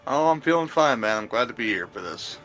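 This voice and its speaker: A man guesting on a podcast in casual film review chat. He talks in a relaxed way with stammering restarts. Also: mid-range voice, a little fast, soft background music.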